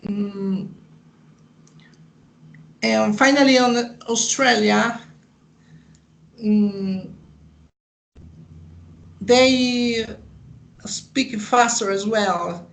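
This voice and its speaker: A man whose first language is Spanish, presenting his research in a class, speaking haltingly with many fillers and restarts over a video call. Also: high-pitched, vocal fry, a bit bright, low-quality recording. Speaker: student.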